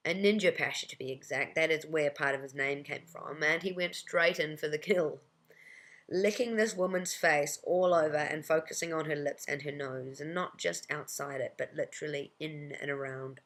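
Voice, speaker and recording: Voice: medium pitch, creaky, a bit bright. A storyteller telling a personal anecdote in a wry, conversational way.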